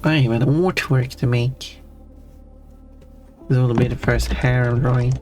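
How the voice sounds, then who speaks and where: Unhurried streamer, mid-pitched voice, rambling casual chat, drawing while talking, faint music behind. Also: steady tone, darkish tone. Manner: rambling and self-interrupting; playful, hums to themself.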